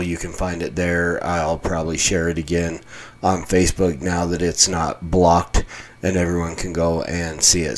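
Man from Colorado with a low voice, pastor doing a casual solo podcast from his basement; chatty and wry. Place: small home-built basement room.

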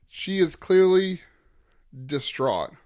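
A man's voice: sits high, big pitch swings, slow pace, a little mellow. A young man co-hosting a podcast, recapping events in casual chat with dry jokes. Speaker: podcast co-host.

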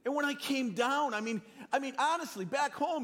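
A pastor in his sixties with a Northeastern US accent preaches a sermon, telling animated, self-deprecating stories and frequently restarting. His voice is very high-pitched and his pace moderate.

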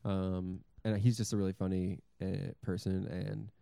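Casual podcast co-host, man, low mellow voice, dry sound. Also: flat delivery, measured pace, gravelly, clean tone, no room sound. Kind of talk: casual chat.

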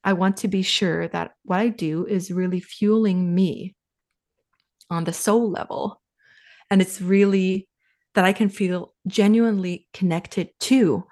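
A woman from Finland in her thirties, a guest on a podcast interview, talking in a relaxed, reflective way and turning lively when she quotes herself. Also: mid-range voice, measured pace. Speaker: podcast guest, sales coach. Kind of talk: casual interview talk.

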